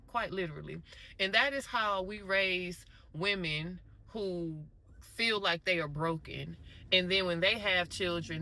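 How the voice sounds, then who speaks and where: A woman vlogger casually telling a story straight to her viewers, animated and conversational. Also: on the low side, slight background noise, low-quality recording.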